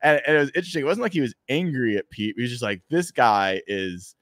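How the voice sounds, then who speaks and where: A man co-hosting a casual sports podcast, talking in an animated way with frequent restarts. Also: mid-range voice, rapid-fire, no room sound, studio quality. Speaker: podcast co-host.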